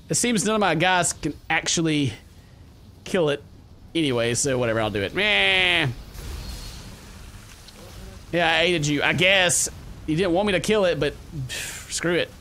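A young man commentating his gameplay, goofy and excitable, talking back to the characters on screen. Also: high-pitched. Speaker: gaming video host. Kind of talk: game commentary.

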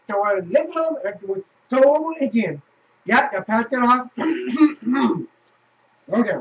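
A very high-voiced man talks through a horror game, swearing and erupting into loud outbursts. His pitch swings widely. The audio is dull and lo-fi, picked up from a distance in an echoey room. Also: expressive, unhurried, vocal fry, a little hiss or hum. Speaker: gamer.

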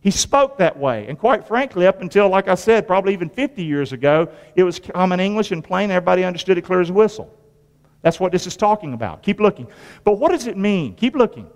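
Quick and expressive, a male pastor with a high voice preaches a sermon in a reverberant church sanctuary. He fires questions at the congregation and repeats lines for emphasis in a folksy way, pitch jumping up and down.

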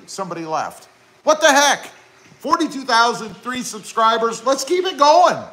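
A man with a high, bright voice hosts a live stream. He talks casually and excitably, reads viewers' comments aloud and adds chatty asides. His pitch swings widely as he goes. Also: rough recording. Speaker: YouTube car channel host.

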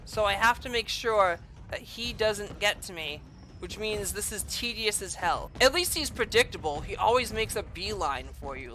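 A woman doing let's-play commentary on a horror game, excitable and profane, swinging between groans and shrieks. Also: mid-range voice. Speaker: game streamer.

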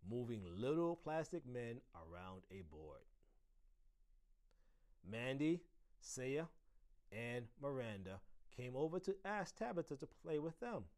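A man, an assistant principal, reading a children's chapter book aloud with expressive storytelling. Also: mid-range voice.

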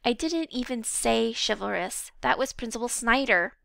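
Smug easygoing boy voiced by a woman, unhurried, with a raspy edge. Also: a little high, no echo. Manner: smug, relaxed. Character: cocky easygoing schoolboy.

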